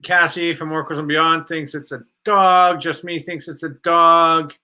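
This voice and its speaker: A man's voice: fairly high pitch, steady tone, a little slow, sharp tone, clear, resonant tone. A man co-hosting a casual live chat, easygoing and teasing, reading viewer comments aloud. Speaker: co-host of a camping channel live stream.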